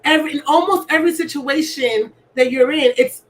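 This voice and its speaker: Leading a breathing exercise in a motivational wellness talk, an asthmatic alignment coach coaxes her audience, keeps asking "right?", and mimics gasps. She has a high voice and talks fairly quickly, and the poor audio carries a slight hiss or hum.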